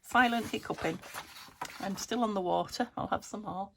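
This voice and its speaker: A British woman chatting casually as she crafts at home, rambling, thinking aloud and dropping into soft muttered asides. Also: medium pitch, normal speed, gravelly. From United Kingdom. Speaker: craft vlogger. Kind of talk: casual chat while crafting. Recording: steady background noise.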